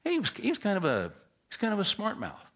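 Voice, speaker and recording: A man preaching a sermon as a pastor, telling stories with emphatic bursts and quiet asides. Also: high voice, fast. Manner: animated storyteller, swings from loud emphasis to quiet asides.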